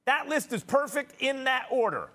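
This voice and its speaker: A male sports analyst giving a measured, even-handed take. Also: very high voice.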